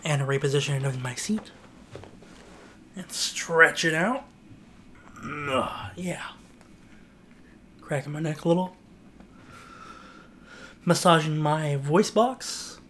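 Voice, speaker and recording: Casting: man, casual podcast co-host reading aloud, bright voice. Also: on the high side, slow pace, long pauses, a little hiss or hum. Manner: rambling, self-mocking. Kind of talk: casual chat and amateur story reading.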